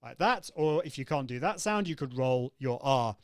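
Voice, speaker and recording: A man's voice: mid-range voice, lively intonation, moderate pace, a little mellow, smooth, dry recording. A man hosting a live coaching show, upbeat and demonstrative, answering viewers' comments as he teaches. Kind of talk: live-stream coaching talk.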